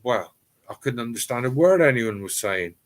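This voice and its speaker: Man, middle-aged, East Cornish accent, live stream host, casual rambling chat, filled pauses, speaking from a cellar. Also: mid-range voice, expressive. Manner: chatty and rambling, with frequent ums and restarts. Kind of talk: casual live chat reading viewer comments. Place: home cellar.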